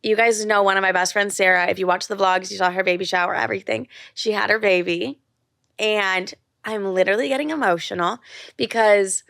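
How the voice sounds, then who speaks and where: A young woman talks into a close mic on her own podcast, loose and candid, peppering everything with "like" and swearing without a second thought. Her pitch sits mid-range for a woman, and the recording is dry with no room sound. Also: normal speed, creaky, a bit bright, no echo. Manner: candid, gushing, swears freely, lots of "like". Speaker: podcast host. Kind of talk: casual solo podcast chat.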